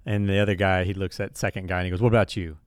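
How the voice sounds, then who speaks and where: A man's voice: deep voice, very fast, clean tone, no room sound, studio quality. A man co-hosting a church podcast, chatting casually and telling a story with acted-out quotes. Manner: relaxed storyteller, acts out quoted characters. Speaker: pastor and podcast co-host.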